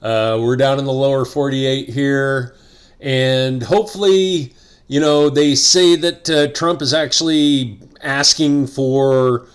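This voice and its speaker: A man's voice: medium pitch, steady tone, slow pace. A middle-aged man hosting a casual vlog monologue, rambling and joking with asides. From United States. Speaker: host.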